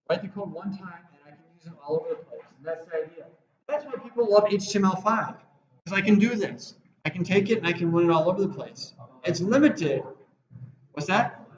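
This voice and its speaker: A man teaches a web design class, rambling through asides and acting out quoted lines. His voice sits high for a man. The recording is roomy and a little muffled. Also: fairly bright tone. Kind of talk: classroom lecture.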